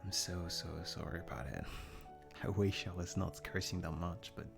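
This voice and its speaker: A man's voice: low-pitched, moderate pace, vocal fry, music in the background. A young man with a French accent, chatting casually on a live stream, rambling and self-deprecating as he answers viewer comments. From Germany. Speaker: livestream host.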